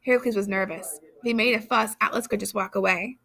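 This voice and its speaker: A woman reading literary passages aloud in a measured, expressive way. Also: medium pitch, gravelly. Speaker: reader.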